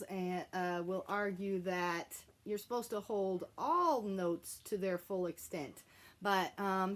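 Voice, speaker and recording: A woman's voice: mid-range voice, a bit bright. A young woman teaching a remote music lesson to children, chatty and playful, coaxing the class to repeat words along with her.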